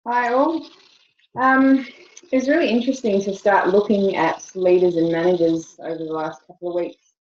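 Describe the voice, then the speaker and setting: A woman's voice: mid-range voice, moderate pace, a little mellow, reverberant, lo-fi sound, slight background noise. A woman giving a thoughtful share in a meeting check-in over a video call, with fillers. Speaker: team member in a check-in.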